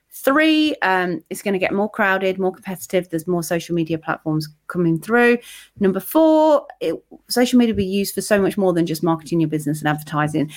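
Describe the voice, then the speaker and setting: A woman co-hosting a podcast, talking casually and counting through her points. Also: mid-range voice. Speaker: podcast co-host. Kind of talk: casual chat.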